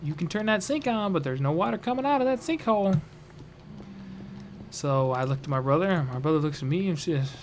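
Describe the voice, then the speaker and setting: A man's voice: on the high side, lively intonation, a little fast, slight background noise. A young man casually telling a funny family story on a vlog, rambling and joking. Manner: rambling, lots of fillers and restarts, jokey.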